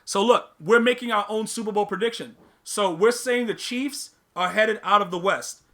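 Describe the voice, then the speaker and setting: High-voiced, bright man hosting a live stream. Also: moderate pace. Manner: animated, slangy, repeats himself, teases the chat. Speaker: podcast host reading live chat. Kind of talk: casual livestream chat.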